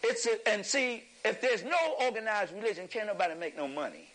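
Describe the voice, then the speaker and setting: A man with a high, bright voice delivers a fiery lecture to a live audience. He talks like a preacher, building his points until he is shouting. He chuckles along the way. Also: animated, a little fast, poor audio. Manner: preacherly, emphatic, rising to shouts.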